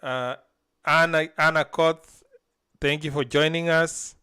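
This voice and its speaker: A man's voice: a little high, fairly even intonation, slow pace, sharp tone, clean tone. A man teaching vocabulary on a live stream, saying each word syllable by syllable and having a learner repeat after him. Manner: drills words syllable by syllable, then has the learner repeat. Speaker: language teacher.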